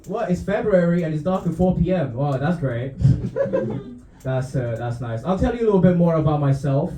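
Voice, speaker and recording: A man's voice: fairly high pitch, expressive, moderate pace, mellow, echoey room. A young man from Romania doing a stand-up routine in a comedy club, often laughing at his own jokes and tossing in dry asides.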